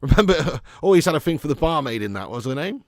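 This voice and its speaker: Speaking fast in a slightly high voice, a young man hosts a live football watch-along, casually taking viewer comments and breaking into excitement over the game. The audio is studio quality, with no room sound.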